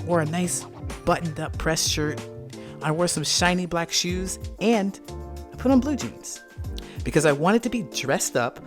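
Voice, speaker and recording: Animated male podcast host. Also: a little high. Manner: animated, reenacts scenes with voiced quotes. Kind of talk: personal storytelling monologue.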